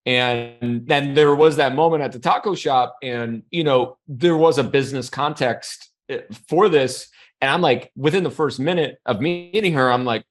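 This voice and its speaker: A man in his thirties from Canada, a podcast guest telling a personal story in a relaxed, rambling way, often restarting his sentences. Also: medium pitch, normal speed. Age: 30s. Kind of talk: casual conversational storytelling.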